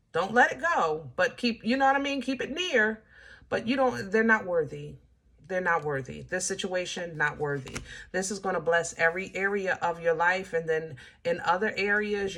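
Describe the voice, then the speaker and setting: A woman giving a casual tarot reading, talking straight to her viewers in a chatty, animated way. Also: medium pitch, husky. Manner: animated, chatty, laughs at herself, speaks to viewers as y'all. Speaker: tarot reader.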